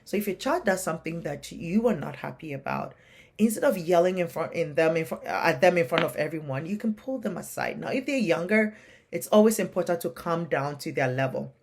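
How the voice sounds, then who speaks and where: A woman's voice: low-pitched, animated, a little fast, vocal fry, darkish tone, slightly rough. A woman from a non-Western country who coaches parents, talking earnestly and plainly to camera, often checking in with "right?". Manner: earnest, plain-spoken, keeps asking "right?". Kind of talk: advice talk to camera.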